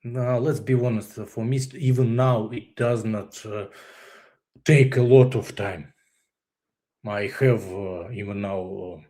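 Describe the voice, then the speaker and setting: Halting Russian-accented man telling his story. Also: fairly low pitch, darkish tone. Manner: halting, searches for English words, laughs often. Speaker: guest. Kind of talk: candid personal story.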